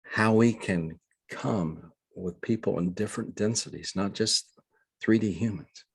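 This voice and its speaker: Low husky older man, earnest. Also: no room sound. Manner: earnest, halting storyteller with frequent restarts. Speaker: guest, reverend. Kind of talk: conversational storytelling.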